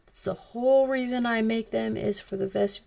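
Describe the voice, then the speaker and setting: A woman's voice: fairly high pitch, steady tone, normal speed, gravelly, warm tone. A woman hosting a coloring video, telling a rambling, chatty story in casual talk. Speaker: coloring channel host. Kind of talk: casual chat while coloring.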